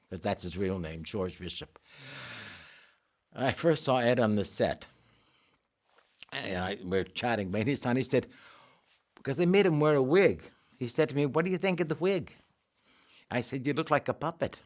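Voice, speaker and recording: An older male actor telling backstage anecdotes in an animated way, acting out the other voices. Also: medium pitch. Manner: animated, acts out the voices in his stories. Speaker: actor interviewee. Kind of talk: anecdotal storytelling.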